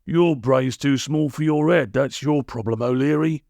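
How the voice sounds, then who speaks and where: A man's voice: medium pitch, unhurried, vocal fry, darkish tone, dry recording, studio quality, voice pushed up. A man voicing a boastful, nasty old villain who talks in coarse broken grammar. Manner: coarse ungrammatical bluster.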